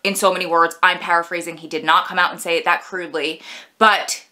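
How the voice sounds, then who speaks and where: Woman vlogger, clear bright tone, expressive casual film review. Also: lowish voice, fast talker. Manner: chatty, heartfelt, expressive.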